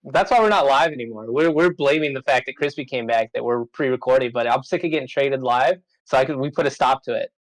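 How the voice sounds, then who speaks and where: A man's voice: medium pitch, quick pace, hardly any pauses, dry recording, poor audio. A man co-hosting a podcast, teasing the others in casual banter. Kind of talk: casual chat.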